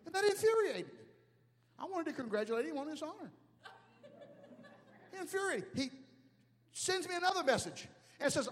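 Animated, high-voiced preaching man. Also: normal speed, long pauses, long reverb tail. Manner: animated, humorous, shouting at peaks. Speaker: pastor. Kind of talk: sermon.

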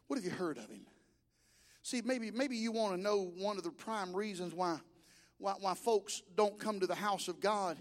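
Man preaching a sermon with a very high voice, storytelling and exhorting. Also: animated, moderate pace. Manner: storytelling and exhorting, rising to shouts. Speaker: pastor.

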